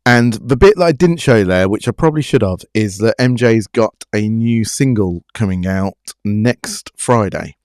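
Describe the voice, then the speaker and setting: A man's voice: fairly low pitch, expressive, normal speed, few pauses, darkish tone, smooth, no echo, clean studio sound. Chatty self-mocking male host. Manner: chatty, self-deprecating, reading out chat. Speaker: show host. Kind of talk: live-stream chat.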